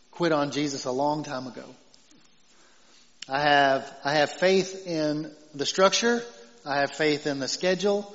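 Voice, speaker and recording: A man with a Southern accent preaching a conversational sermon as pastor, growing loud and emphatic as he quotes scripture, often chuckling. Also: a little high. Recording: dull long reverb, lo-fi church hall.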